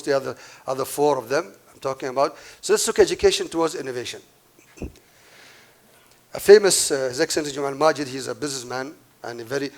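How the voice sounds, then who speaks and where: A man giving a conference keynote to a live audience, emphatic and repeating his key points, with asides to the crowd. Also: mid-range voice. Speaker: keynote speaker.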